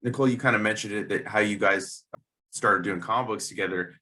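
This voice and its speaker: A man's voice: lowish voice, fairly quick, sharp tone, a little hiss or hum. A man hosting an interview show, talking casually with enthusiasm and loose, rambling phrasing. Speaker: host.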